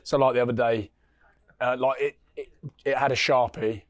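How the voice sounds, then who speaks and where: A man chatting on a podcast, animated and laughing as he acts out stories about his family. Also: mid-range voice, moderate pace, no room sound. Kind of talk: casual chat, storytelling.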